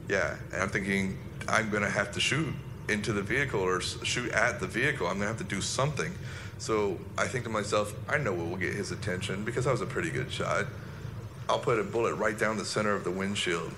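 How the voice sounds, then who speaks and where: A man, a former soldier recounting an incident in a halting, reflective personal monologue. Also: lowish voice, background noise.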